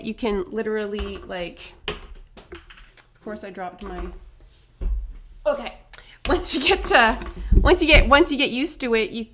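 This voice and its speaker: A woman giving a casual face painting tutorial, chatty and upbeat, full of asides and quick tag questions. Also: mid-range voice, background noise.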